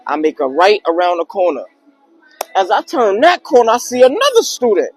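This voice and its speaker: Young man, higher voice, casual slangy storyteller, vlog style. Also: moderate pace, faint music behind, rough recording. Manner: slangy, animated retelling with acted quotes. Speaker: vlogger telling a personal story.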